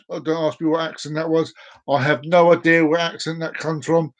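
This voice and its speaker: A man chats alone to his camera on a live feed. His voice sits a little high, and he wanders from one thought to the next and repeats phrases. Now and then he breaks into silly voices. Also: fairly even intonation, a little fast. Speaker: vlogger doing a live stream. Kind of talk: rambling casual monologue to camera.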